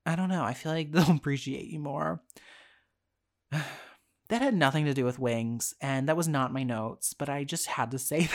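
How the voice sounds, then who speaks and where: A young adult podcast host telling a story in a frank, exasperated rant, swearing freely and laughing between phrases. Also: mid-range voice. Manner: profane, exasperated and frank, with frequent fillers.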